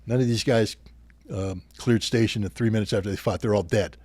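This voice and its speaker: A man's voice: on the low side, fairly even intonation, a little fast, a little mellow, breathy edge, no room sound. A man in his sixties, a podcast guest, telling anecdotes with animation and acting out the officers he quotes. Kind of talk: storytelling in a podcast interview.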